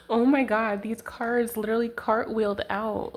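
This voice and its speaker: A woman's voice: on the high side, flat delivery, normal speed, few pauses. A young woman giving a casual tarot reading to camera, chatty and giggly, full of fillers, talking into a handheld camera. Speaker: tarot reader. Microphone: handheld camera mic.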